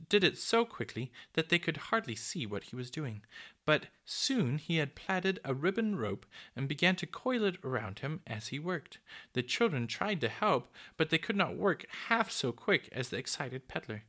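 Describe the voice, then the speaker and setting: A man reads a children's storybook aloud with a mid-pitched voice. His delivery is expressive, his intonation moving widely up and down through the sentences. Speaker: narrator.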